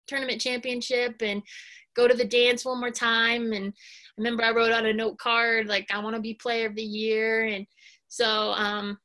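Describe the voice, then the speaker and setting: A woman in her thirties, a former college basketball player and now a coach, answering interview questions in a soft-spoken, hesitant way with many pauses and fillers. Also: fairly high pitch, level tone. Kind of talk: casual interview.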